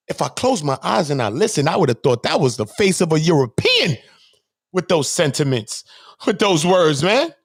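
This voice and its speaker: A man hosting his own channel, delivering a heated, profane commentary rant that swings between low muttering and high-pitched shouting. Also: very animated, moderate pace, gravelly, husky. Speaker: channel host.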